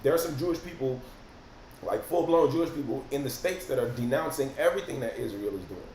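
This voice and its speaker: A man, hosting a casual livestream and reacting to viewer comments in animated, profane slang. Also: medium pitch, fast. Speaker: rapper and livestream host. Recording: roomy echo, faint noise.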